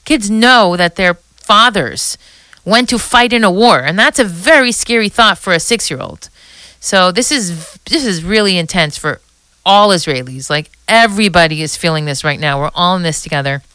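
Bright, excited woman podcaster. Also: on the low side, normal speed, clean tone, no room sound. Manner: excited, emotional, restarts and asides. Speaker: podcast host. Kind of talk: casual monologue.

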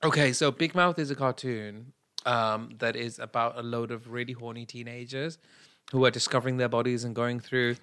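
A man's voice: mid-range voice, fairly even intonation, moderate pace, sharp tone, smooth, dry recording, clean studio sound. A man co-hosting a podcast, teasing and theatrical in casual banter with his husband. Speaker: podcast co-host.

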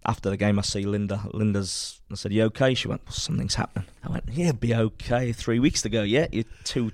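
A man's voice: lowish voice, dry recording. An older English man and former footballer, animatedly telling a personal story and acting out quoted dialogue. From England. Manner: animated, acts out quoted dialogue, laughs often. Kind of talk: anecdotal storytelling.

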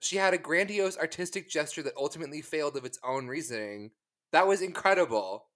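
A man co-hosting a podcast, chatting in an animated way, laughing and swearing while telling stories. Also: a little high, brisk. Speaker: podcast co-host. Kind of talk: casual chat.

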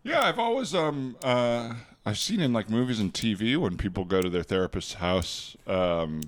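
A man's voice: fairly low pitch, expressive. A man improvising in a comedy scene who stammers and hesitates a lot. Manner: halting, stammering. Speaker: podcast host, improviser.

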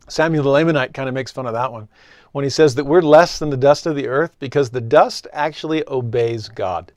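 A man's voice: on the high side, a little fast, dry recording, studio quality. Earnest man teaching scripture. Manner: earnest, explanatory, acts out dialogue with God. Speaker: religious teacher. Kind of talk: scripture lesson.

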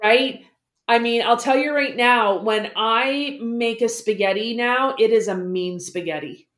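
A woman guest explaining money habits in a casual interview, lively and acting out the voices she quotes. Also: a little high, unhurried, echoey room. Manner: animated, acts out quoted voices.

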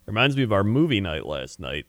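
A man's voice: lowish voice, big pitch swings, brisk, no echo. A man co-hosting a casual podcast chat, laid-back and teasing, laughing along. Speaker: podcast co-host.

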